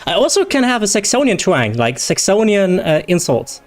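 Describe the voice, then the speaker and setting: A man's voice: sits high, sing-song, normal speed, soft background music. A young man whose first language is German, chatting casually and rambling with jokes and laughter as a game streamer. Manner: rambling, joking, laughs often. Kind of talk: casual livestream chat.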